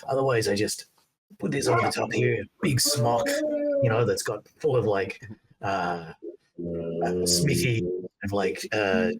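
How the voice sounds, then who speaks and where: Tabletop role-play: a man doing a hesitant dwarf rebel in a low husky voice, calls everyone lad. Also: measured pace. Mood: sly. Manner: hesitant, full of fillers, calls others lad. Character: gruff male dwarf rebel disguised as a labourer.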